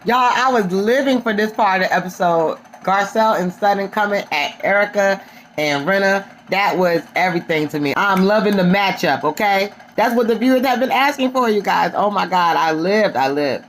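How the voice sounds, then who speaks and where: A woman's voice: medium pitch, animated, normal speed, slight background noise. Sassy woman recapping reality TV. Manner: sassy, emphatic, calls listeners honey and girl. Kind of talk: casual video review.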